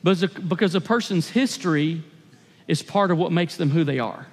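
A man preaches from the pulpit in a conversational, emphatic way, circling back to repeat his phrases. His voice sits very high. It rings out with the long echo of a big church hall. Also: moderate pace. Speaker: pastor. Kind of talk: sermon.

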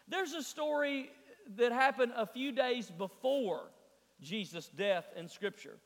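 A man preaching a sermon as pastor, moving from hushed storytelling to fervent, rising exhortation. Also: extremely high pitch, expressive, slow pace, long reverb tail. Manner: earnest preaching, swings from hushed storytelling to fervent build-ups. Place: church sanctuary.

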